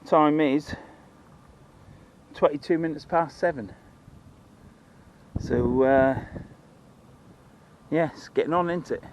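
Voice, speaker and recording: Speaking slowly and leaving long pauses, a Norfolk man with a slightly high voice rambles in broad dialect to the camera as he fishes by the water. He's a fishing vlogger chatting casually outdoors, and the lo-fi sound has a bit of hiss or hum.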